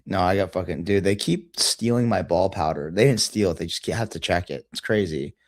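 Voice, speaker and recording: A man's voice: deep voice, fairly quick, dry recording, clean studio sound. Crude, joking male podcast host. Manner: crude, storytelling, laughing at own jokes. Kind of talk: casual chat.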